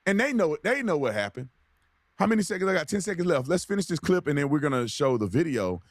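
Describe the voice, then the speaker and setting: Man, co-host, lively swinging pitch, rambling, slangy, dry close recording. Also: fast, dry recording. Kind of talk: casual commentary.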